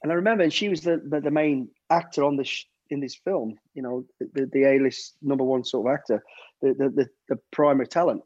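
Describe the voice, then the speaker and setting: A middle-aged man swaps stories in a relaxed interview, rambling and restarting as he goes. His voice sits at an ordinary mid pitch. The recording is dull and dry, with no room sound. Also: fast talker, breathy edge, no echo. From United Kingdom. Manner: rambling, many restarts, acts out quotes. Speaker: former soldier and celebrity bodyguard, guest. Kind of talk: casual storytelling chat.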